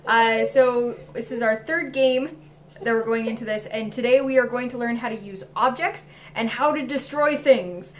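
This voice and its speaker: A woman's voice: a little high, normal speed, recorded from a distance, a little hiss or hum. A woman hosting a casual game tutorial, explaining the rules step by step with easygoing fillers. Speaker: host teaching a tabletop game.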